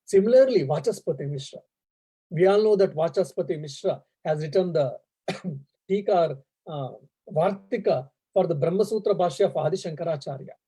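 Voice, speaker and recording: Mellow, husky-voiced monk lecturing. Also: male voice, a little high, normal speed, poor audio. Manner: earnest, explanatory, many fillers. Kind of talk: spiritual lecture with storytelling. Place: embassy lecture event.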